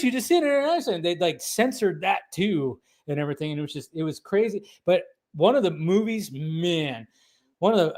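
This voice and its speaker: Rambling man in casual chat. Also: fairly high pitch. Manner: rambling, animated, lots of fillers and restarts. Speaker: podcast co-host.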